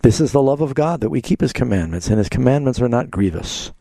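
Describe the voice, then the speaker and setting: A man's voice: medium pitch, lively intonation, quick pace, creaky, dark tone, dry recording. Man hosting a call-in Bible show. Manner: pastoral, asks leading questions. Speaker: radio Bible show host. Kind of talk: call-in radio Q&A.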